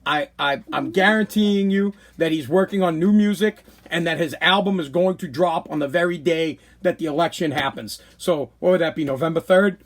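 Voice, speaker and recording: A middle-aged man with a notably high voice holds forth on his livestream podcast. He talks in a blunt, animated way, hammering his points home by repeating them. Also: moderate pace, few pauses. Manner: animated, blunt, preachy advice with many repetitions. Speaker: podcast host. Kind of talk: casual livestream monologue.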